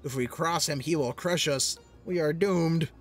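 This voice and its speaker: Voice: mid-range voice, measured pace, faint music behind, close to an everyday voice. A gamer voicing a small, fretful kobold elder in a let's play, stacking up anxious words in threes. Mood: fearful wailing. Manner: repeats words in anxious triplets.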